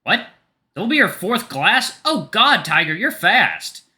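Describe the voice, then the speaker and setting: A man's voice: medium pitch, very animated, quick pace, bright, forceful tone. A man voicing a kind, earnest young man who gets flustered easily, in a story game.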